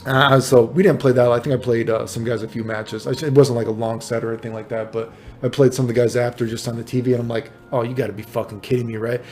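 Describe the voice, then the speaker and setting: A man casually telling an old tournament story, swearing a lot and padding it with "dude" and "right?". He acts out the exchanges in exasperated, raised bursts. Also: medium pitch. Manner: profane, animated, full of fillers like "dude" and "right?". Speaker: fighting game player telling tournament stories.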